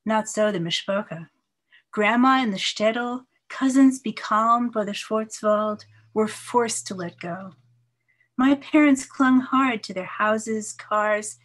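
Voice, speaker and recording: Her poems come out measured and expressive, the soft voice dipping low here and there. She's a poet in her seventies from New York, mixing the reading with easygoing chat.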